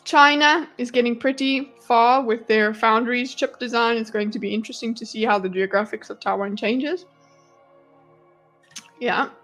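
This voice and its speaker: South African woman, fairly high voice, casual home streamer with faint music behind. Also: moderate pace. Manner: chatty, animated, swears and laughs often. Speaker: streamer reading chat. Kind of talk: casual live-stream commentary. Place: her home.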